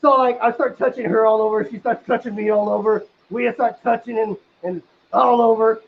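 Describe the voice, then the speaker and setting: Man, very high voice, rambling comic storyteller, crude jokes, excitable, dull lo-fi recording. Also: normal speed. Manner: rambling, filler-heavy, crude jokes, swings into loud excited outbursts. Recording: dull lo-fi sound.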